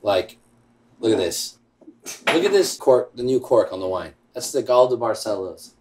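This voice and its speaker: A man's voice: fairly low pitch, expressive, normal speed, a little mellow, slight background noise. A tipsy man rambling through a comic history story, laughing and swearing as he goes. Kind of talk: tipsy comedic history retelling.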